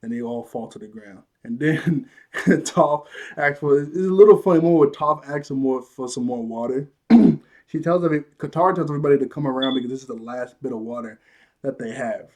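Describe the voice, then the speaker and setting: A man giving a loose, casual recap of a cartoon episode, chatty and quick to laugh. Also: medium pitch, darkish tone. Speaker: show reviewer.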